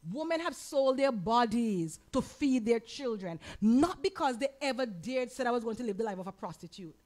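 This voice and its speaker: A woman pastor with a Caribbean accent teaching a Bible lesson, animated, asking the audience questions and acting out quoted lines. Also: a little high. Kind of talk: sermon-style Bible teaching.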